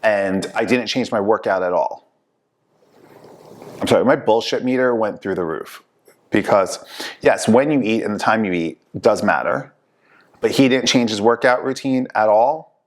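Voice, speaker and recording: A man hosting a casual talk show, telling lively stories and acting out the people he quotes. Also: on the low side, normal speed, long pauses. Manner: animated storyteller, acts out quoted people. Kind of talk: casual chat.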